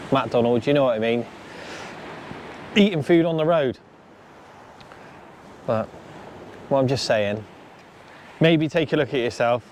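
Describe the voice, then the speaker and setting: A man's voice: mid-range voice, a little hiss or hum. A man hosting a fishing vlog, chatting casually and upbeat as he gives friendly advice outdoors on a beach. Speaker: angler and channel host.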